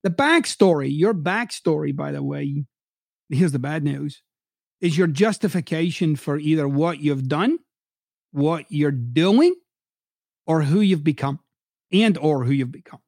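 This middle-aged man, a podcast host and ex-coach, gives a hard-hitting, foul-mouthed motivational monologue full of emphasis. His slightly high voice has vocal fry, a touch of mellowness, and lively intonation at a measured pace, captured in clean, dry studio sound.

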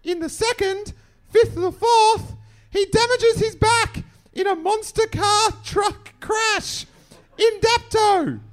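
A man putting on a shrill, indignant letter-writer voice, reading in an exaggerated sing-song. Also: slow. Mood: mock outrage.

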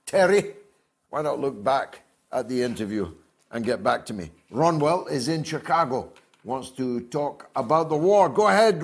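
Slow, combative older host. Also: male voice, a little high, husky. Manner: combative, reads viewer comments aloud. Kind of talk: opinionated call-in show talk.

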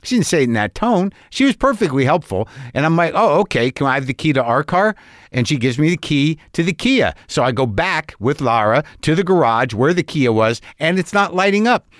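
A man in his sixties, telling a long story in casual monologue, animated and exasperated, swearing and acting out both sides of the dialogue. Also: a little high, a little fast, few pauses, dry recording, studio quality.

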